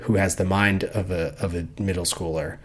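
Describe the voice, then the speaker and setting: A man with a very low voice chatting casually on a book-club podcast. He rambles through his thoughts, swears without a second thought and breaks into laughter now and then. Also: fairly even intonation, moderate pace. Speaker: podcast co-host.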